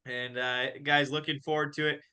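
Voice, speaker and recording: Young guy hosting a podcast, chatty and animated, bright voice. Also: on the high side, normal speed, smooth. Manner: animated, laughs through his stories. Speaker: podcast host and college golf coach. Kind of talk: casual storytelling chat.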